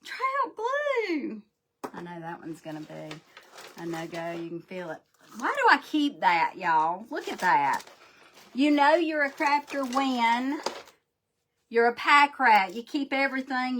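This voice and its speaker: A woman's voice: on the high side, lively intonation, unhurried, a bit bright, a little hiss or hum. A woman hosting a live craft demo, folksy and a bit scatterbrained as she talks straight to her viewers. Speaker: crafting livestream host.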